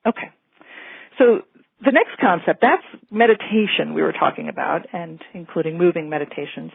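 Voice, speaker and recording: A woman physician giving a calm, explanatory medical lecture in a gently reassuring way. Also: lowish voice, a little fast, creaky, slightly rough, no room sound. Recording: thin phone-like lecture audio.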